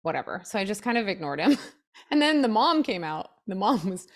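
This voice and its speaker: A woman's voice: medium pitch, a little fast. A young woman co-hosting a podcast, chatting casually and acting out the people in her stories. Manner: animated storyteller, acts out quotes. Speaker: podcast co-host. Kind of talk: casual chat.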